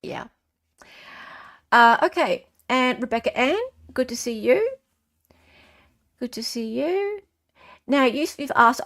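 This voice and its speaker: Chatty Australian woman with a gravelly voice. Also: medium pitch. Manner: chatty, reads viewer comments aloud and greets them. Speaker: livestream host. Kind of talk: casual chat stream.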